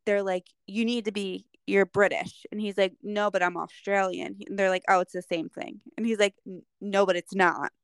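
A woman's voice: mid-range voice, brisk, clear, resonant tone, no echo. A woman co-hosting a podcast, telling stories animatedly and saying "like" a lot. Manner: animated storyteller, lots of "like". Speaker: podcast co-host. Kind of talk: casual chat.

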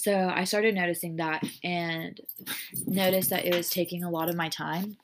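A woman's voice: lowish voice, fairly even intonation, normal speed, background noise. A woman hosting a casual faith podcast, talking earnestly and rambling, with lots of "like". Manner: earnest, rambling, heavy use of "like". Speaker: podcast host.

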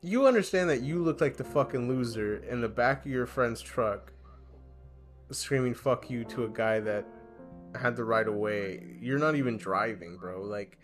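Over soft background music, a young man co-hosting a podcast speaks at a moderate pace in a mid-range voice. His casual talk wanders, heavy with filler words and cursing, and he voices little back-and-forth exchanges with animated impressions.

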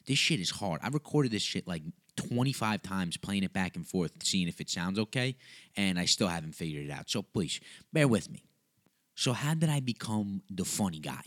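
A man's voice: sits low, lively intonation, moderate pace, a bit bright, no echo, studio quality. A young man hosting his own podcast, talking casually in a joking, profane, rambling way into a USB microphone. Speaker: podcast host and comedian. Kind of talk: casual solo podcast monologue.

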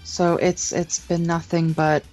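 Low-voiced wry woman co-host. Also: level tone, a little slow, darkish tone, soft background music. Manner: blunt, wry, complaining. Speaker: podcast co-host. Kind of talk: casual chat.

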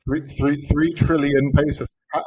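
A man's voice: fairly high pitch, level tone, measured pace, a little mellow, husky. A man with a London English accent, co-hosting a podcast in casual comedic chat, telling stories in a dry, joking way with many restarts. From England. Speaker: podcast co-host.

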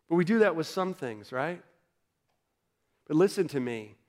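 Male pastor with a high voice, preaching in a casual, conversational way that rises to emphatic peaks. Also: expressive, normal speed, pauses often, darkish tone. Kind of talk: sermon.

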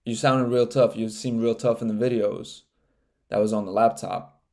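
A young man hosting a casual solo podcast, rambling with lots of swearing and frequent laughter, getting loud and animated when he gets worked up. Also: fairly low pitch, moderate pace. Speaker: podcast host.

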